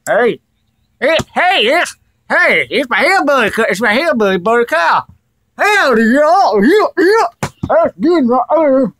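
A man's voice: very high-pitched, fairly bright tone, heavily acted. Man doing a rowdy drawling hillbilly. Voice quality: drawling, rowdy, crude, full of "uh" fillers. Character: loud crude male hillbilly tobacco dipper. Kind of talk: comedy character vlog.

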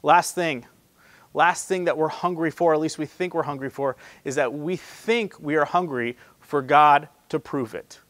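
A male pastor preaching in a relaxed, chatty way, calling his listeners "guys". His voice sits a little high for a man, and he swings from loud emphasis to quiet, low asides. The recording is dry, with almost no room echo. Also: unhurried. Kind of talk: sermon.

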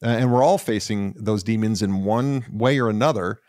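Low-voiced podcast host, a man. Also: normal speed, darkish tone, no room sound, studio quality. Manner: enthusiastic, repeats phrases for emphasis. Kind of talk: podcast interview.

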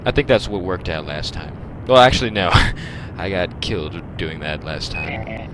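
A man's voice: sits low, a little slow, background noise. A young man giving casual let's-play commentary, pleading with enemies and yelping in frustration. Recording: loud game music behind.

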